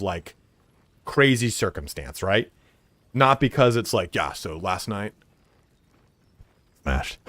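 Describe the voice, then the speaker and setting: A man's voice: mid-range voice, dry recording. A man streaming a video game, chatting casually in a rambling, frank and profane way, full of fillers. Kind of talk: casual chat while playing.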